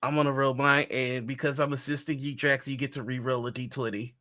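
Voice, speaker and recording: A man playing in a tabletop role-playing game, stating his actions calmly and matter-of-factly. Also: medium pitch, brisk. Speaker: player.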